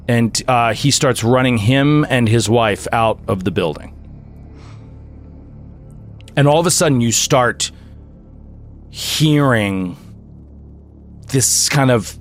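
A man narrates a horror tabletop session as game master, his voice sitting at an ordinary middle pitch. He talks through a video call, building scenes with many fillers and restarts and breaking into loud sound effects. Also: lively intonation, slow pace, long pauses, soft background music.

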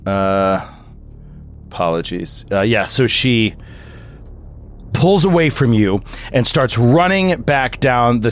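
A man running a horror tabletop game as game master over a video call, telling the scene vividly with fillers and restarts. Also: medium pitch. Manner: vivid storytelling with fillers and restarts, bursts into loud sound effects.

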